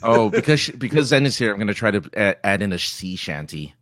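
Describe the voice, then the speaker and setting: A man chatting casually between improv scenes, quick and full of restarts. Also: on the low side, big pitch swings, fairly bright tone, dry recording, studio quality. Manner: chatty, quick, self-correcting. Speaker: improv performer. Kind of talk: casual banter.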